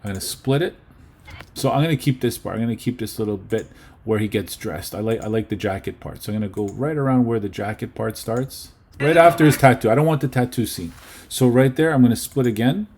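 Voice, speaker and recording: A man's voice: mid-range voice, a little fast, darkish tone, a little hiss or hum. A man teaching a casual lesson on video editing, chatty and often checking in with his students. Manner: chatty, checks in with okay and right.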